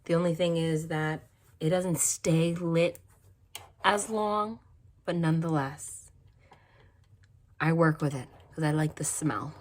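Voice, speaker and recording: A woman's voice: low-pitched, takes it slowly, pauses often. A woman tarot reader talking casually to her viewers about spiritual practice, stopping often to check in and correct herself. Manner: chatty, repeats "okay?", frequent small slips and self-corrections. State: cold, shivering. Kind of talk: casual spiritual talk to camera.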